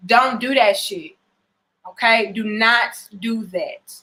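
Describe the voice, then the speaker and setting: Blunt, bright-voiced woman giving advice. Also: fairly high pitch, slow pace. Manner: blunt and emphatic, swears freely; repeats and restarts phrases. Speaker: relationship vlogger. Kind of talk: casual direct-to-camera advice.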